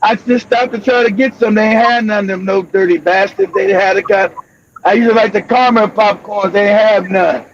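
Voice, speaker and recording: A man's voice: high-pitched, fairly even intonation, fairly quick, muffled recording. A man on a talk show, chatting casually and joking with a lot of swearing. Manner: profane, joking. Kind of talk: casual chat.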